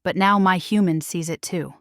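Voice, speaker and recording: A woman reading a romance audiobook voices a powerful male werewolf alpha, speaking quietly and firmly. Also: moderate pace, dry recording, studio quality. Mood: tender. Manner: low, quiet, firm delivery. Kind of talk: scripted story narration.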